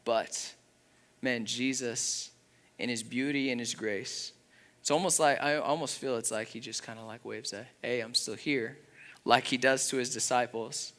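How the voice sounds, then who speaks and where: A young man preaching a sermon in an earnest, conversational way, with a father's warmth. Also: medium pitch, fairly even intonation, measured pace. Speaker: pastor.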